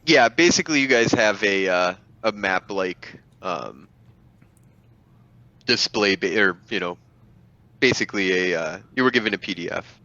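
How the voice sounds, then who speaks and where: Man, game master narration, rambling, forceful bright tone, low pitch. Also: lively intonation, unhurried, pauses often, dry recording, lo-fi sound. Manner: rambling, full of fillers.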